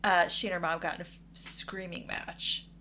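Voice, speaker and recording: A woman's voice: on the low side, level tone, normal speed, pushed and bright, slight background noise. A woman co-hosting a podcast, telling a story in a chatty, wry way with fillers. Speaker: podcast co-host. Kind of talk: casual storytelling.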